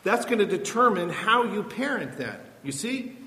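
A man's voice: high voice, very animated, normal speed, sharp tone. A man preaching a sermon, emphatic and full of rhetorical questions. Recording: long hall reverb.

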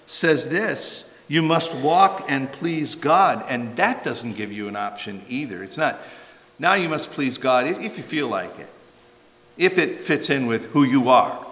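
A man's voice: medium pitch, sharp tone. An older man preaching a sermon as a pastor, conversational and emphatic, asking rhetorical questions and adding asides. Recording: long reverb of a large hall.

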